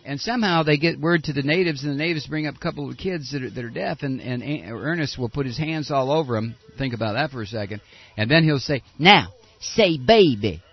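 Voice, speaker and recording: A man hosting a political talk radio show, sarcastic, and now and then breaking into shouted tirades. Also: medium pitch, quick pace, breathy edge. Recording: dull lo-fi radio broadcast.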